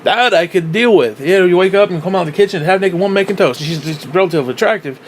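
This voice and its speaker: A man's voice: sits high, quick pace, a little hiss or hum, low-quality recording. A man rambling through a casual vlog monologue, swearing freely and circling back with lots of fillers and restarts. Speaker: vlogger.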